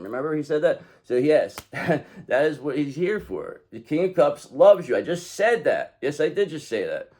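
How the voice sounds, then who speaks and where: A man's voice: a little high, very animated, normal speed, a little mellow, slightly rough. A man giving a casual tarot card reading, blunt and profane, rambling as he talks straight to the viewer. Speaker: tarot reader.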